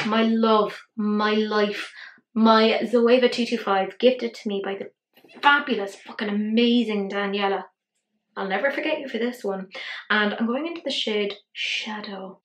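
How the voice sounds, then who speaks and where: A tired woman chatting casually through a makeup tutorial, rambling, swearing and poking fun at herself. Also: medium pitch. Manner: rambling, sweary, self-deprecating. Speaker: beauty vlogger. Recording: roomy echo.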